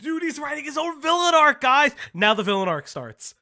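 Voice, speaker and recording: A high-pitched man hosts a casual commentary stream, his bright voice jumping around with excitement. He often breaks into shouts and laughter and swears freely. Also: normal speed.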